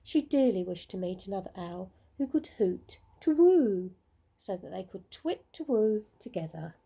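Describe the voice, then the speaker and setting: A woman teacher reading a picture book aloud to children in a slow, expressive storytelling manner. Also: medium pitch, vocal fry, husky.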